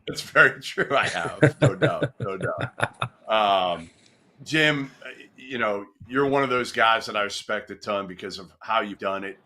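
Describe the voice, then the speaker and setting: A man's voice: on the low side, pushed and bright. A man interviewing a coach in a casual sports chat, joking and bantering before asking long, easygoing questions.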